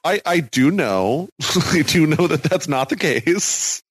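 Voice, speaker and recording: A man's voice: fairly high pitch, expressive, slow pace, slightly rough, no room sound. A man from the United States co-hosting a podcast, recapping with frequent laughs and hesitant fillers. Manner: giggly, hesitant, many fillers. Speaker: podcast co-host. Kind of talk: casual chat recapping a reality show.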